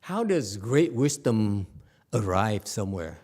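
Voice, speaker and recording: A man's voice: lowish voice, sing-song, slow pace, darkish tone. A man giving a conversational Buddhist sutra lecture, often stopping to question his audience. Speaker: Buddhist teacher.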